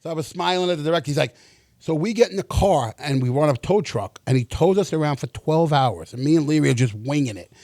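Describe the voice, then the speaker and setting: A middle-aged actor telling stories in a casual interview, animated, acting out the dialogue and swearing freely. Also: male voice, on the high side, fast, dry recording, studio quality.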